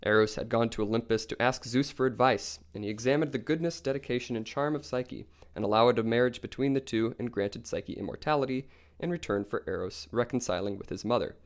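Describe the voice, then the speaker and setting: A young man co-hosting a podcast, calmly retelling myths in a casual storytelling style. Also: mid-range voice, brisk. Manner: calm, even retelling of myths. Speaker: podcast co-host.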